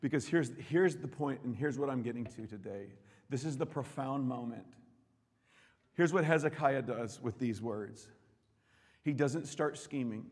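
A man preaching a sermon with passion, swinging between loud declarations and hushed asides. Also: mid-range voice. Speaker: pastor. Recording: long reverb hall.

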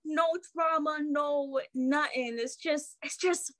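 A woman's voice: sits high, fairly even intonation, slow pace, fairly bright tone, dry recording. A woman in casual podcast chat, emphatic and laughing, drawing out her words.

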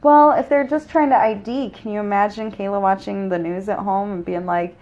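A woman of ordinary pitch chatting casually as a podcast co-host. She tells stories in an animated, joking way and swears freely. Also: fairly quick, lo-fi sound. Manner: profane, joking, animated storytelling. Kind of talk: casual true-crime chat.

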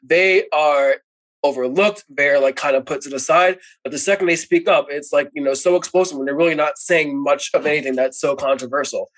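Animated, opinionated man hosting a podcast. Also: a little high, brisk, poor audio. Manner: animated, opinionated, repeats himself. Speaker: podcast host. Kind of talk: casual chat.

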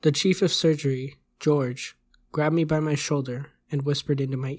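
Casting: host narrating a scripted horror story, even and measured. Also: mid-range voice.

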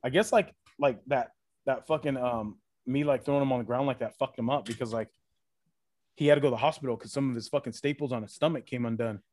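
A man recounts a rowdy story in a casual podcast chat, his speech full of fillers and curse words. His voice sits at an average pitch. The sound is close and dry, with no room around it. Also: fast, darkish tone, no echo. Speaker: podcast guest, former retail loss-prevention worker.

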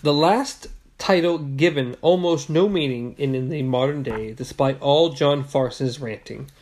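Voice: medium pitch, measured pace. A co-host casually reading a novel aloud, with playful asides. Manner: lively, playful whispered asides.

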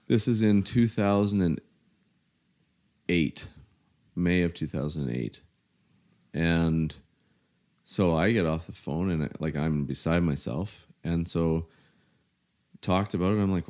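A middle-aged man from Canada, telling his story in casual, halting conversation, full of "you know" fillers. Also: sits low, a little mellow.

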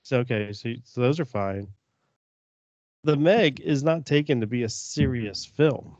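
A man's voice: medium pitch, lively intonation, unhurried, darkish tone, no room sound. A man co-hosting a casual podcast chat, joking and playfully argumentative. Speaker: podcast co-host. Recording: dull dry sound.

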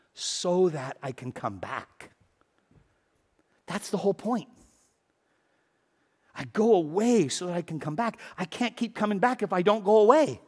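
Man, pastor, high voice, lively conversational sermon with loud emphatic bursts, church stage mic. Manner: animated, conversational preaching with sudden loud emphasis. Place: church sanctuary.

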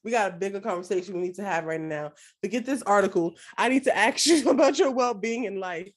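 A young woman with a medium-pitched voice talks fast as a podcast co-host in casual chat. She is blunt and emphatic and swears freely.

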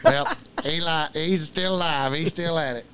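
A man's voice: a little high, normal speed, fairly bright tone, slight background noise. A man telling a long, profane story in casual podcast talk. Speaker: podcast guest.

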